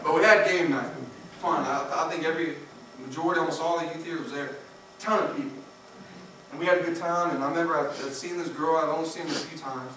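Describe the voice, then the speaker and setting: A man preaching a sermon, emphatic, swinging between loud peaks and hushed low passages. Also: steady tone, fast. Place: church sanctuary. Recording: echoey church from far off, noisy.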